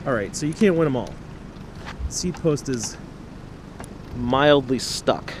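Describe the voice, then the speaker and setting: A man chatting to the camera while trash picking outdoors at night, excitable, through a small camera-mounted mic. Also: medium pitch, takes it slowly, pauses often, slight background noise. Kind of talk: casual vlog narration.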